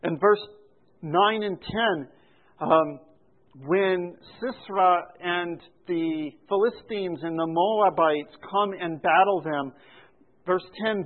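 Male preacher, unhurried and deliberate, voice sits high; narrow lo-fi recording. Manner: slow, deliberate teaching with rising emphasis on refrains. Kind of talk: sermon. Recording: phone-like narrow sound.

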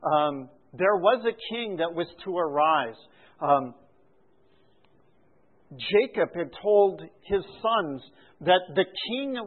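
Male preacher, unhurried and deliberate, voice sits high; narrow lo-fi recording. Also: slightly rough. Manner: slow, deliberate teaching with rising emphasis on refrains. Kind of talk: sermon. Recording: phone-like narrow sound.

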